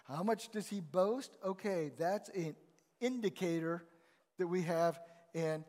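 High-voiced man preaching in a reverberant hall. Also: a little slow, a little mellow. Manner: conversational, emphatic preaching. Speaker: pastor. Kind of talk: sermon. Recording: long reverb of a large hall.

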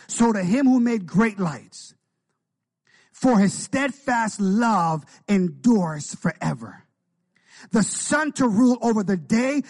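A pastor preaching a sermon, with call-and-response "come on" asides, building to shouts of excitement. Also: male voice, high-pitched.

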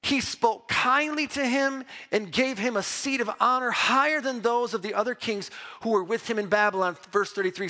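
A man preaching a sermon as pastor, emphatic and lively, mixing Bible reading with personal stories told with restarts. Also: high voice. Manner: repeats words and restarts when telling stories.

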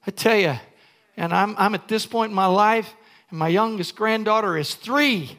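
An older man, a pastor, preaching a sermon in an emphatic way that rises to shouts. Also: high voice, moderate pace.

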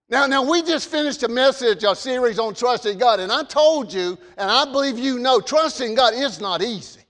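A man preaching a sermon, stammering on repeated words and swinging between loud emphasis and quiet asides. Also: very high voice, big-room sound.

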